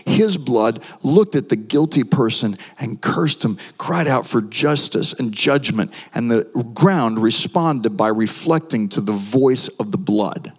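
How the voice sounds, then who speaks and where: A man's voice: lively intonation, unhurried, few pauses, breathy edge. Impassioned male preacher in a reverberant hall. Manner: impassioned, with sweeping pitch swings. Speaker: guest preacher. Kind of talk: sermon.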